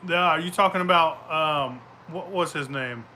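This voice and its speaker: A brash, foul-mouthed man spins loose stories, breaking into laughter as he goes. His voice sits a little high and rings bright and forceful. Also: normal speed, slight background noise. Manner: profane, boisterous, laughs often. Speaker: show host. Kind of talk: casual rambling storytelling.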